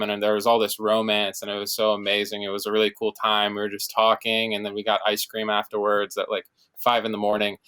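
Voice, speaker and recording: A young man tells a loose, meandering story on a casual chat show, leaning on filler words. His voice sits a bit low yet comes across bright and smooth. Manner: rambling, heavy use of "like". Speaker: podcast co-host.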